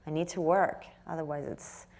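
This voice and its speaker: French actress guest, lower register, hesitant, thoughtful delivery. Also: female voice, steady tone, creaky, darkish tone. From France. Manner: halting, searching for words, many restarts. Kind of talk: live onstage interview.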